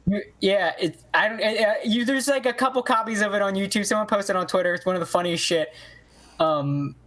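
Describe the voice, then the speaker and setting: A guest in a casual livestream conversation talks emphatically, drifting off on tangents. The pitch sits in a middle range. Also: brisk, fairly bright tone. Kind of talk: casual chat.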